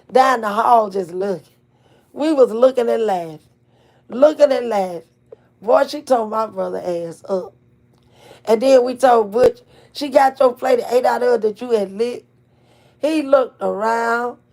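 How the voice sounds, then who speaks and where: Middle-aged woman, channel host, animated folksy storyteller, talks straight to viewers, curses freely. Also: fairly high pitch.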